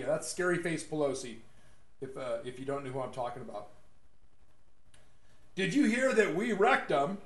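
Man, high-pitched, rambling mocking monologue, echoey room. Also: a bit bright. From West Texas. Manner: rambling, mocking, laughs at own jokes. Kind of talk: casual opinionated monologue.

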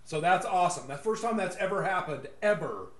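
Animated and a little fast, this man from West Texas rambles through casual opinions in a fairly high voice that rings in an echoey room. He chuckles at his jokes while mocking his targets.

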